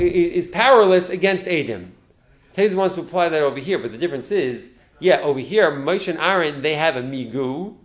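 Man teaching a Talmud lesson, slightly high voice. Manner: explains step by step with rhetorical questions, repeats terms; halting, restarts words.

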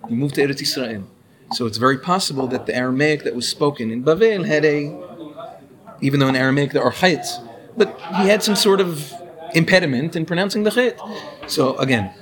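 With crowd noise around him, a Torah teacher lectures on Hebrew pronunciation in a brisk, mid-range voice full of lively intonation. He walks his students through the material and questions them as he goes.

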